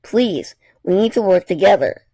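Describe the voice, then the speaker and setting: A man reading aloud, voicing an earnest young woman who firmly pleads for calm. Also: sits high, moderate pace, husky, dry recording, pitched above the performer's own voice, exaggerated voice. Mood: pleading. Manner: pleading, firm.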